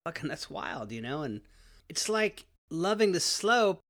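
Guy spinning a personal story, kinda high and bright, lots of likes and swearing, faint music behind. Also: very animated, unhurried. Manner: casual, profane, heavy use of "like" and "you know". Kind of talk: first-person storytelling monologue.

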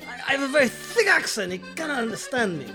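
A man's voice: very high voice, very animated, rapid-fire, music in the background, pitched above the performer's own voice. A man voicing a teenage boy faking a thick French accent, rambling in sing-song broken English. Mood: eager.

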